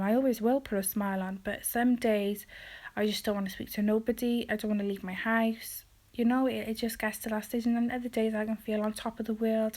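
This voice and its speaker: Woman vlogging about her own struggles, halting, lots of ums, fairly high voice but pretty flat. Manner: halting and hesitant, many ums, often trailing off quietly. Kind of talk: personal confessional vlog.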